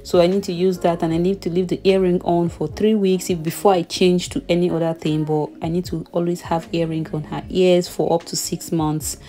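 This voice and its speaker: A woman's voice: lowish voice, flat delivery, a little fast, few pauses, warm tone. A young adult woman chatting casually in a voice-over about her baby's ear piercing, breaking into small laughs.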